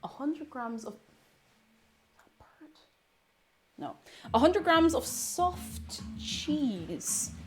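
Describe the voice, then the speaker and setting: A young woman hosts a live baking stream from her home kitchen, chatting casually, reading viewers' messages aloud and humming as she works, with background music playing. Her voice sits high and sing-song, she draws out words, and she pauses often.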